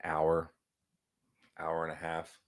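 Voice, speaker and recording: A man co-hosting and producing a casual talk show, rambling and stopping often to clear his throat. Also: very deep voice, monotone, slow pace, a little hiss or hum. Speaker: co-host and producer. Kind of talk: casual chat.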